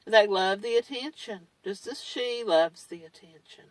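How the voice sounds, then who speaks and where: A woman's voice: mid-range voice, a little slow, no echo, recorded from a distance, poor audio. A woman talking in a blunt, candid way, with mild swearing, in a casual monologue. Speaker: survivor vlogger. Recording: dry, set back from the mic.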